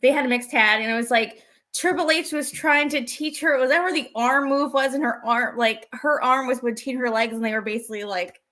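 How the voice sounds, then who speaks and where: Chatty woman with a high voice, recapping wrestling on a podcast, quick little quotes. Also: pushed and bright. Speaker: podcast co-host. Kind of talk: casual wrestling recap chat.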